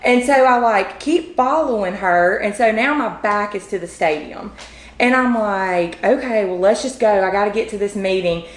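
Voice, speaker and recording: A woman, a podcast guest telling a story in a chatty, animated way with many fillers. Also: mid-range voice, normal speed. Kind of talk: casual storytelling. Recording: roomy echo.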